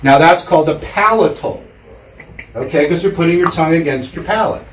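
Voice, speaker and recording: A man with a fairly high voice delivers a loose, chatty lecture to a live audience, often pausing to have them repeat words back. He sounds distant from the mic in an echoey room, with faint ambient hiss behind him. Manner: chatty, with many fillers and audience drills. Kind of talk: casual public lecture.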